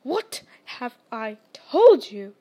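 Bullying uncle who roars, storybook villain, voiced by a woman reader, high-pitched reading voice. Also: lively intonation, normal speed, fairly bright tone. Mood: furious. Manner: roaring, furious. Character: blustering bullying middle-aged uncle.

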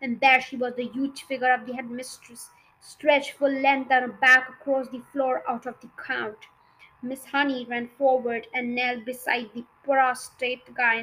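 A woman reads a children's novel aloud in a high voice. Her reading is expressive and has a few small slips. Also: measured pace, low-quality recording. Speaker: storybook reader.

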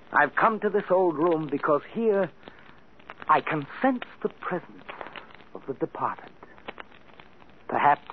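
A man's voice: on the high side, slight background noise. An actor playing a mysterious, theatrical male composer in a 1940s radio drama. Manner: portentous, mysterious. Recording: phone-like old radio recording.

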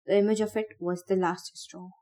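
Woman narrator for a podcast book reading; expressive, warm mellow tone. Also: mid-range voice, fairly quick. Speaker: audiobook reader.

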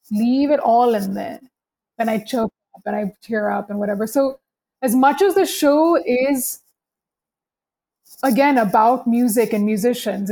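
A woman's voice: on the high side, darkish tone. A young adult woman talking candidly on a podcast, emphatic and peppered with "like". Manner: emphatic, candid, heavy use of "like". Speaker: podcast guest, podcast host and business owner.

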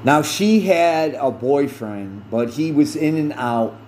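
Behind a faint hum of air conditioning, a middle-aged podcast host recounts a personal story, animated and earnest. His fairly high voice has a darkish tone and rises and falls a great deal, and his delivery is slow and deliberate. He repeats phrases to drive his point home.

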